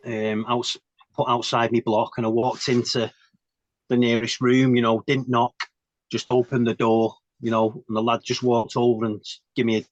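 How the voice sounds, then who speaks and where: A man's voice: mid-range voice, dry recording. A man, a guest on the show, telling his army story in casual chat. He laughs often, swears, and keeps asking "you know what I mean". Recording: dull, dry recording.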